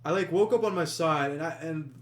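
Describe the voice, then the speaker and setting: A man's voice: fairly high pitch, a little fast. A young man casually telling a story to friends on a podcast, full of fillers and restarts. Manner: rambling, many fillers and restarts. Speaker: podcast host.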